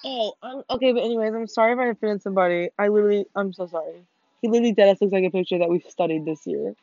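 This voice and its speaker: A teenage girl co-hosting a podcast, chatting casually while playing a video game, excitable, swearing a lot and laughing often. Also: mid-range voice, racing, no room sound. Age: teens. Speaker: podcast co-host. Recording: muffled lo-fi recording.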